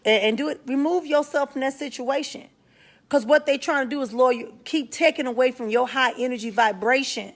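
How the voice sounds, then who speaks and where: A woman's voice: high-pitched, fairly quick. Frank, slangy woman hosting a live talk. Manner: frank, slangy, greets viewers by name mid-sentence. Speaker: spiritual talk show host. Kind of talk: casual live-stream talk to viewers.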